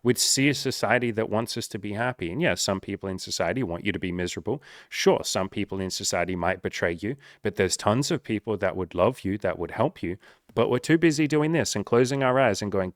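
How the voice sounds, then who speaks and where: Male life coach, lowish voice, dry close sound, frank and swearing. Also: expressive, a little fast, no echo. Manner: earnest, swears often, acts out quoted voices. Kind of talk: casual talking-to-camera advice.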